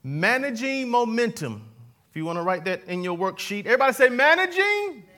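A man's voice: very high-pitched, sing-song, a little fast, bright, forceful tone. A pastor preaching a sermon to his congregation, mixing jokes and scripture readings and having the crowd repeat key words back to him. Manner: call-and-response with the congregation; conversational, jokey preaching. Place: church before a live congregation.

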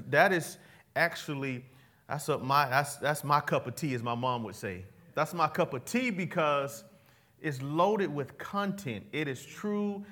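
This male preacher has a fairly bright voice that sits on the high side. His sermon is casual and full of slang, and he calls on the congregation to echo his words back in a call-and-response style.

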